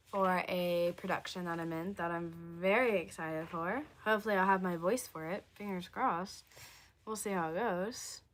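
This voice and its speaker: Hoarse young woman livestreaming. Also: mid-range voice, a bit bright. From southern United States. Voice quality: chatty, addresses viewers as y'all. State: hoarse, losing her voice. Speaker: livestream host. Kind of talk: casual livestream chat.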